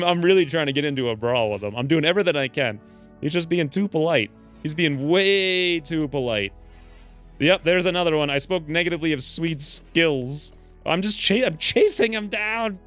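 Male let's-play host, fairly high voice, playful and animated, soft music underneath. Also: moderate pace. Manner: joking, animated, voices his dwarf's rants. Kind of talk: casual gameplay commentary.

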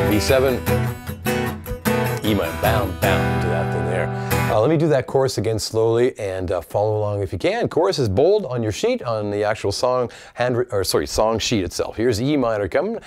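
A man teaching a guitar lesson in a relaxed, encouraging way, counting and scatting strum rhythms aloud while he plays. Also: medium pitch. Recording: loud guitar playing under the voice. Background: acoustic guitar strumming.

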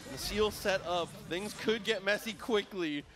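A man giving steady play-by-play commentary on a fighting game match, explaining the technique. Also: sits high, measured pace, music in the background. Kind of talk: live esports commentary.

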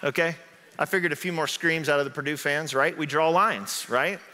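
A male pastor from southern Indiana preaches a conversational sermon in a church sanctuary, often asking "right?". His slightly high voice is bright and forceful at a moderate pace, and the sanctuary hall sounds echoey.

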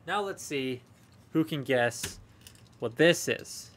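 A man's voice: mid-range voice, expressive, slow, a bit bright, a little hiss or hum. Chatty man unboxing toys live. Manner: rambling and chatty, talking to live chat. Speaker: toy collector streaming a haul unboxing. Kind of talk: casual live unboxing chat.

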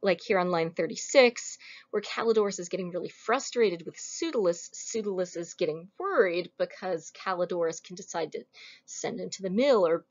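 A woman's voice: fairly low pitch, moderate pace. Wry woman lecturing, muffled recording. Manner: casual, wry and conversational. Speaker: lecturer on Roman comedy.

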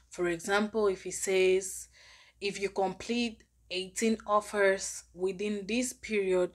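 A woman giving a step-by-step tutorial on a cashback app for her vlog, explaining plainly. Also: mid-range voice. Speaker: finance app reviewer.

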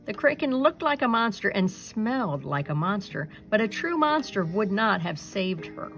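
A woman's voice: medium pitch, sing-song, normal speed, fairly bright tone, soft background music, low-quality recording. A woman reading a children's picture book aloud expressively. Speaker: storybook reader.

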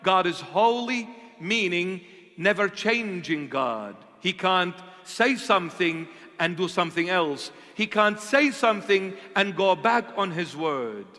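A man's voice: high voice, lively intonation, bright, forceful tone. Male bishop, sermon, rhetorical questions, long echo of a church hall. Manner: asks and answers his own rhetorical questions; slow, deliberate emphasis. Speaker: bishop preaching.

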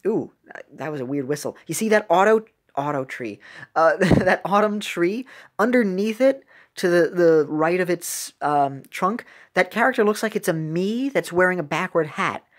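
A woman giving casual, rambling reaction commentary on videos, excitable and often stumbling over her words. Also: fairly low pitch, normal speed.

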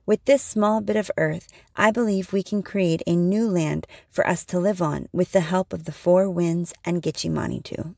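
A woman voicing a wise male spirit hero who speaks calmly and steadily to the animals in a storybook reading. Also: fairly low pitch, normal speed, creaky, hardly any pauses, dry recording, clean studio sound.

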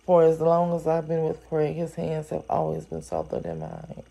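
A woman with a low, gravelly voice reads a story aloud at an unhurried pace. Her tone is dark and mellow, and she stops now and then to exclaim over what she is reading. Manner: reads steadily, then breaks in with animated, exclaiming asides. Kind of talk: story reading with chatty reactions.

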